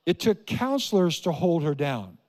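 An older man from Iowa preaches a sermon in a slightly high voice, driving his points home with repetition and questions to the congregation. His voice carries a long reverb through a large church hall. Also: big pitch swings, moderate pace, a little mellow. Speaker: pastor. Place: church sanctuary.

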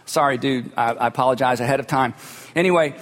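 A man's voice: medium pitch, quick pace. A man preaching a sermon as a pastor, telling stories in a conversational way with humorous asides. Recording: long hall reverb.

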